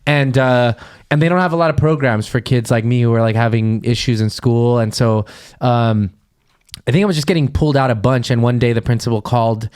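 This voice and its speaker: Smooth-voiced man telling a rambling story. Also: mid-range voice, a little fast, darkish tone. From Los Angeles area, USA. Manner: rambling, candid storytelling full of "like" and "um". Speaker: podcast co-host. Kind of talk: casual chat.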